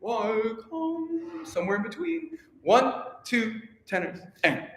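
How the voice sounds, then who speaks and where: A man's voice: very high voice, very animated, takes it slowly. A man leading a choir rehearsal, upbeat and teasing as he coaches singers and counts them in. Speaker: choir director. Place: large rehearsal room. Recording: echoey rehearsal hall, long reverb.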